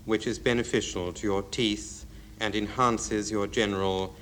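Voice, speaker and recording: A man speaking slowly and deadpan as a panellist on an old radio panel game. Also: lowish voice. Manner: slow, dry, deadpan. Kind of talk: improvised panel game monologue. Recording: old hissy radio recording.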